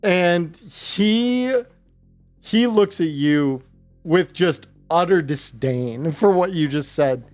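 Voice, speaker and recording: A man narrating a tabletop role-playing game as game master, with relaxed phrasing and frequent fillers. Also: on the high side, slow, faint music behind.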